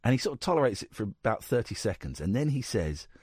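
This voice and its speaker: A man's voice: medium pitch, very animated, fast talker, darkish tone, husky, dry recording, studio quality. A man hosting a radio show, reading news stories aloud and breaking off with sarcastic asides. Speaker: radio host. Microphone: studio microphone.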